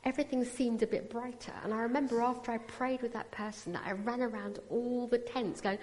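A woman giving a sermon and telling how she came to faith, earnest and personal, with quick apologetic asides. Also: fairly high pitch. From raised Sikh. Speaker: preacher. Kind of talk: sermon testimony. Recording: hall reverb.

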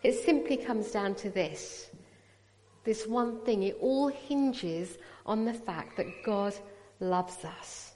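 A woman giving a sermon and telling how she came to faith, earnest and personal, with quick apologetic asides. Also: medium pitch, darkish tone. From raised Sikh. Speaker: preacher. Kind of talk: sermon testimony. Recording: hall reverb.

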